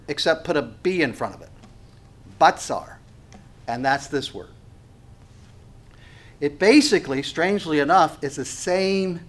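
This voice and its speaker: A man preaching a sermon, swinging between loud emphatic exclamations and hushed asides, often stammering and restarting. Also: on the high side.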